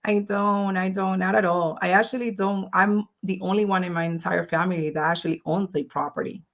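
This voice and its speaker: A woman's voice: mid-range voice, steady tone, brisk. A woman guest speaking in a casual, chatty way on a podcast interview, with many "you know"s and "like"s. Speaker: guest entrepreneur.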